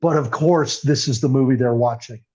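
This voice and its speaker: The speaker is an older man interviewed on a podcast, recounting his recovery in an earnest, emotional way. His mid-range voice is darkish and slightly rough, and his pace is a little fast. Sound quality is muffled and lo-fi.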